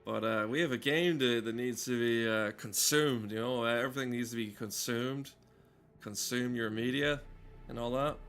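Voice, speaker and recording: A man streaming a game, talking in deadpan, rambling casual comedy full of hesitations. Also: medium pitch, moderate pace. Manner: deadpan, rambling, heavy with "uh" fillers. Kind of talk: casual rambling comedy chat while gaming.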